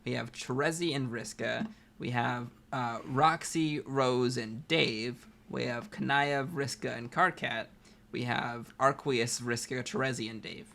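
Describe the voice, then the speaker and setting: A man's voice: medium pitch, fairly even intonation, measured pace, vocal fry, sharp tone. Chatty man co-hosting a read-along. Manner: laughing, chatty. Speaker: co-host. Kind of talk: casual read-along chat.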